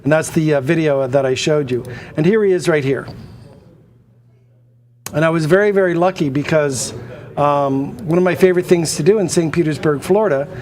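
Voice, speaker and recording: Male auction host, slightly high voice, anecdotal rambling studio patter. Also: normal speed, darkish tone.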